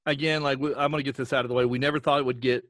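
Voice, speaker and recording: A man from Southwestern Virginia, a podcast guest talking casually in a rambling, self-deprecating way with quick restarts. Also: mid-range voice, steady tone, fairly bright tone, dry recording, studio quality. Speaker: podcast guest, audio drama creator.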